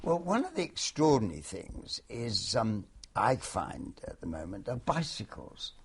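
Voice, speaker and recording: A man's voice: mid-range voice, big pitch swings, a little slow, a little hiss or hum. A man in his eighties from London, a veteran actor answering interview questions in a wry, hesitant way with many restarts. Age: 80s.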